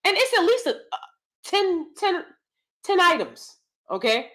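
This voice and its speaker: A woman's voice: very high voice, very animated, unhurried, fairly bright tone. A woman telling a personal story in a casual, ranting monologue, acting out both sides of the exchange and repeating herself as she gets exasperated. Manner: exasperated, repeats words and restarts.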